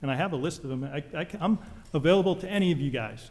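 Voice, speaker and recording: A man's voice: fairly high pitch, fast, darkish tone. A man testifying at a legislative hearing, intense and accusatory, firing off medical jargon. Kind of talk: public testimony. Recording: long hall reverb.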